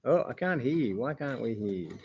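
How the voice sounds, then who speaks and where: A man's voice: medium pitch, animated, fairly quick, dull audio, noisy background. A man hosting a live stream, talking casually and encouragingly, often calling people "man" and "brother".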